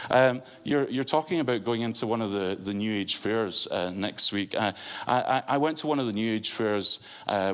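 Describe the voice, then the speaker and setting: An earnest man preaches in an ordinary mid-range voice. He tells his story haltingly, full of fillers and false starts. His manner is sincere and conversational rather than polished. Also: mid-range voice, fairly bright tone. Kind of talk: storytelling sermon.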